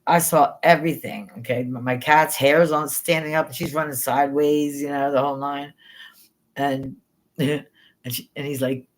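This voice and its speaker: A middle-aged woman hosting a live stream, telling stories in a rambling, spontaneous way, excitable and quick to swear. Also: low voice. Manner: excitable, swears freely, jumps between thoughts. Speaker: paranormal livestream host.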